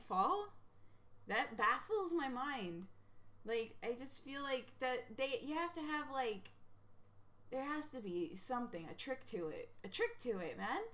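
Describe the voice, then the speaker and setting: A woman streamer talks through a casual reaction stream in a bright, slightly high voice. She is giggly and excitable, and she rambles from one thought to the next.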